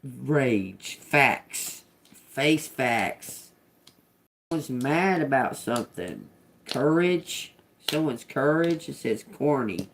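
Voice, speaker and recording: A woman's voice: very deep voice, animated, drawn-out words, slight background noise. A woman doing a live-streamed tarot reading, sounding out single words as she muses on them, then breaking into chatty, profane asides with laughter. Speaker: tarot reader.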